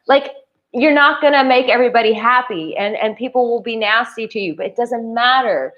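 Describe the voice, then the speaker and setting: A woman's voice: a little high, fairly quick, highs cut off. A woman dating coach giving casual, emphatic advice to camera, full of "like" fillers. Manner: chatty, emphatic, with many "like" fillers. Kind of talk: casual talking-head advice. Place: Bali.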